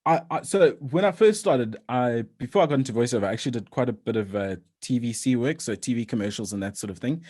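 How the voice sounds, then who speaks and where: A man's voice: mid-range voice, fast talker, hardly any pauses. A man, a voice-over artist, chatting casually in an interview with frequent restarts. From South Africa. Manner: relaxed, rambling with frequent restarts and laughs.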